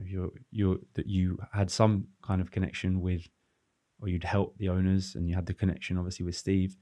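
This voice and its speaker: A man in his thirties, a former footballer, talking through his career in a relaxed, reflective podcast chat with many restarts. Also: low voice, no room sound. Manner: reflective, rambling with restarts and fillers. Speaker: former professional footballer, guest. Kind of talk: casual podcast conversation.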